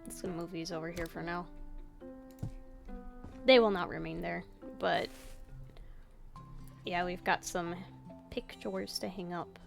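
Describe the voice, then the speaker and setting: A woman's voice: fairly low pitch, fairly even intonation, takes it slowly, creaky, pauses often, soft background music. A woman chatting casually to herself while playing a game, swearing offhandedly as she goes. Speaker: let's-play gamer. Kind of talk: casual gameplay commentary.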